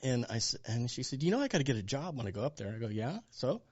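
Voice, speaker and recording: Pastor in his sixties, animated storyteller voicing the other people in his stories, dull mic sound. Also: mid-range voice, fast, husky. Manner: animated storyteller acting out dialogue. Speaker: pastor and guest. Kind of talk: storytelling interview.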